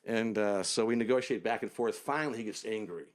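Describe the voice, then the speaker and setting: A man telling a long travel story as an interview guest, unhurried and detailed, often trailing off low.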